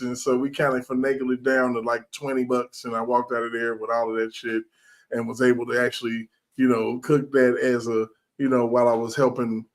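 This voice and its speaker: Swearing, animated male podcast host. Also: medium pitch. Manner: animated storyteller, acts out quotes, swears freely. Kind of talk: casual chat.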